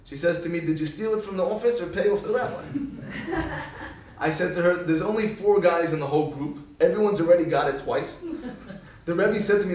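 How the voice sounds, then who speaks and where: A man's voice: high voice, brisk, darkish tone. A man giving a religious talk, telling funny stories and acting out the dialogue. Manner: jokey storyteller acting out dialogue. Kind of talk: storytelling Torah talk. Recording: echoey room, voice from far off.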